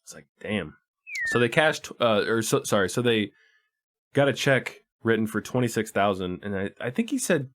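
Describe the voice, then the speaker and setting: A man's voice: fairly low pitch, very animated, moderate pace, fairly bright tone. A man co-hosting a casual movie podcast, laid-back and profane, often restarting his sentences. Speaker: podcast co-host. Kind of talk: casual movie-review chat.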